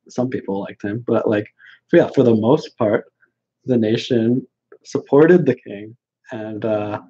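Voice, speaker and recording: Blunt, rambling man with a husky voice. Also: mid-range voice, warm tone, dull audio. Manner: blunt, dismissive, rambling with many fillers. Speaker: host answering viewer questions. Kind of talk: casual livestream chat.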